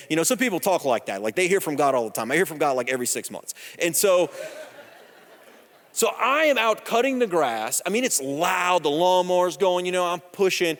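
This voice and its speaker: High-voiced pastor preaching in a hall. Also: male voice, a little fast. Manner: conversational, humorous, animated storytelling. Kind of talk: sermon with personal stories. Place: church sanctuary. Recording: long church hall reverb.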